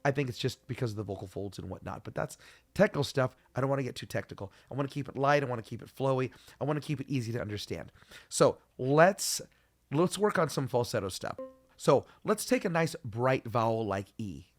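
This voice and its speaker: A man's voice: medium pitch, expressive, brisk, no room sound. A man giving an upbeat online singing lesson as a vocal coach, explaining technique and demonstrating sounds.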